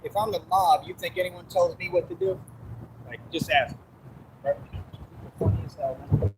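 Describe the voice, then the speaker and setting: A man's voice: sits high, normal speed, poor audio. A man vlogging in a defiant, repetitive rant, talking straight to his viewers. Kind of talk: direct-to-camera rant. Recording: loud background noise.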